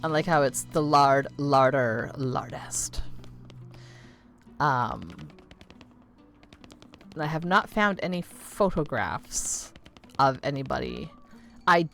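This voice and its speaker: A woman's voice: low-pitched, expressive, slow, long pauses, fairly bright tone, soft background music. A woman in her thirties chatting casually while playing a video game, rambling with lots of fillers and easy swearing. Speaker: streamer.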